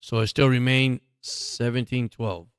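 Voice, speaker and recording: A man hosting a livestream, chatting casually and getting excited as he reacts to a football game. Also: medium pitch, measured pace, clear, resonant tone, no room sound, studio quality. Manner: chatty, excitable during plays. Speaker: livestream host. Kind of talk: casual live game commentary.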